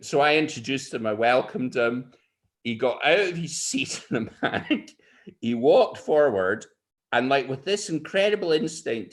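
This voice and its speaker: An older Scottish man telling stories and anecdotes as an interview guest, lively and expressive. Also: medium pitch. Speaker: storyteller guest. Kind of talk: animated anecdotal storytelling.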